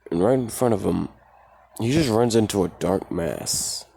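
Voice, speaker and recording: A man's voice: lowish voice, normal speed, creaky, warm tone, husky, no echo. A man casually retelling a fan story in a rambling, profane way, full of fillers.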